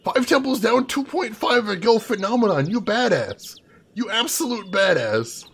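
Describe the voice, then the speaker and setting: A man's voice: high voice, animated, moderate pace, a bit bright, husky. A young man doing playful, chatty commentary on a live game stream, greeting viewers by name. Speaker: livestreamer. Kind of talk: casual game livestream commentary.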